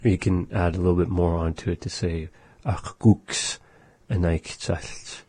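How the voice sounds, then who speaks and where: A man co-hosting a casual language-lesson chat, relaxed, explaining phrases and repeating them slowly. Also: low-pitched, slightly rough, dry recording. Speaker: language show co-host.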